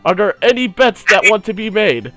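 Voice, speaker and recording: A man's voice: high-pitched, big pitch swings, moderate pace, sharp tone, no echo, faint music behind, pitched above the performer's own voice, heavily acted. A man voicing a pompous robed battle referee who makes grandiose proclamations in a tabletop game. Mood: proclaiming.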